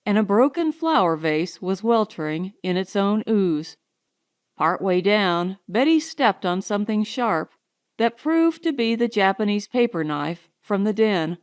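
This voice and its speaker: A woman narrating a novel as an audiobook in a measured, expressive way. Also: medium pitch, faint music behind.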